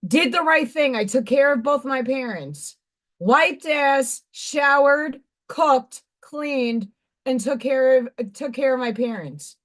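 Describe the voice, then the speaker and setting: Hoarse, high-voiced woman venting bluntly. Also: takes it slowly. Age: 40s. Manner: blunt, profane, exasperated venting. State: hoarse, voice partly gone. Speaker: livestream host. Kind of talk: casual venting livestream chat.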